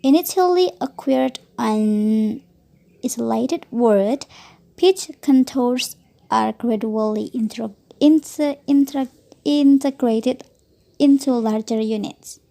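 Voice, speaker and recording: Slow, gravelly-voiced woman reading a lecture. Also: on the high side, dark tone. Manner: slow, careful reading with occasional self-corrections. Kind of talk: reading a textbook aloud as a lecture.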